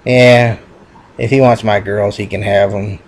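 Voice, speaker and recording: A man voicing the biggest bull in a joke, gruff and boastful. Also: lowish voice, steady tone, measured pace. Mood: backing down. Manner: boastful drawl.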